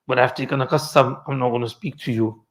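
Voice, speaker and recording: A man's voice: medium pitch, fairly even intonation, quick pace, voice pushed down, natural voice. A man voicing a hurt, stern elderly aunt who refuses him with clipped, indignant lines.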